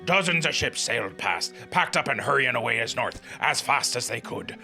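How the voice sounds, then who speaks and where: A man voicing a gruff, rustic old retired whaler with a drawling sailor's way of talking. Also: mid-range voice, expressive, moderate pace, sharp tone, faint music behind, full character voice. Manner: rustic drawl, dropping grammar.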